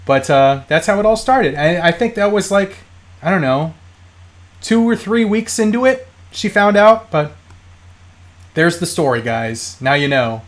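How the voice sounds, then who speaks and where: A man's voice: sits high, sing-song, measured pace. A man in his thirties hosting a toy collecting live stream, telling stories in a rambling, casual way with many fillers and restarts.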